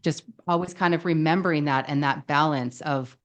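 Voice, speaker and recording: A woman psychologist with a notably low voice talks through ideas thoughtfully. She often affirms her co-host and explains things at an even pace. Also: normal speed, hardly any pauses, lo-fi sound. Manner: thoughtful, affirming, frequent agreeing. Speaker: relationship psychologist, podcast co-host. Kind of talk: conversational podcast discussion.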